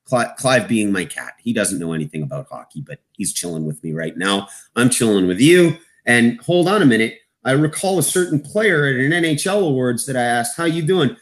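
A man from Eastern Canada co-hosting a hockey podcast, his pitch leaping all over as he gets excited. He talks fast and jokey, riffing on the playoffs. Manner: excitable, jokey, jumps in pitch when amazed. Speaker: co-host hockey analyst. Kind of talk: sports podcast chat.

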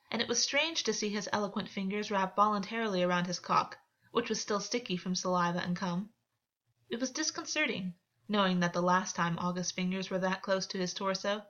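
A woman narrates a novel in a steady, measured way. Her voice sits in a middle pitch range. The recording is slightly muffled and lo-fi. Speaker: audiobook narrator. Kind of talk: scripted fiction narration.

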